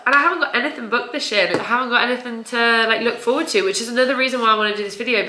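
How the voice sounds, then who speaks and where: A woman's voice: on the high side, bright, forceful tone. A young woman talking to her camera at home in a rambling, confessional vlog, laughing nervously and swearing now and then. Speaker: vlogger. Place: home, indoors. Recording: echoey room.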